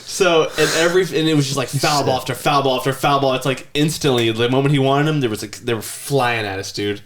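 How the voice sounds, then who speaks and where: A man's voice: mid-range voice, fast talker, fairly bright tone, a little hiss or hum. A man in his thirties telling rambling stories in casual podcast chat, sometimes mimicking a child's whiny voice. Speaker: podcast host.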